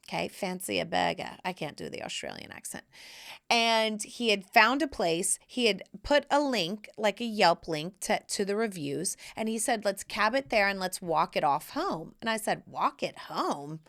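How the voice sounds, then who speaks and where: Woman podcast host, bright, animated storyteller who acts out every quote with sudden leaps up and down. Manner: animated, acts out quotes with big pitch jumps. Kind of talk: casual storytelling.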